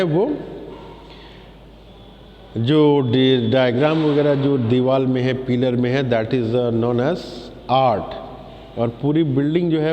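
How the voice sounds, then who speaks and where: Hesitant Indian English teacher with a hint of reverb. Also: male voice, a little high, dull audio. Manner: slow, repetitive, many filler pauses, mixes English with Hindi. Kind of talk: classroom lesson. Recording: long reverb, faint ambient noise.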